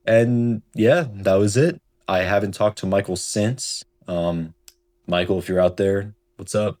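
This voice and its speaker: This storytime vlogger, a young adult male, speaks a bit slowly in a lowish, slightly mellow voice. His childhood anecdote wanders, packed with "like" and "right?" as filler.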